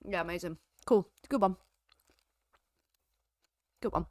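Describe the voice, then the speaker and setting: A woman's voice: mid-range voice, moderate pace, fairly bright tone, clear, resonant tone, no echo, clean studio sound. A woman co-hosting a livestream, talking casually and sarcastically, laughing often and swearing. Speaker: co-host on a reaction stream.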